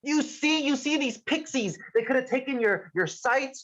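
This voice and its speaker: A tabletop game player speaking with quick, stammering enthusiasm. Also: sits high, animated, fairly bright tone, dull audio.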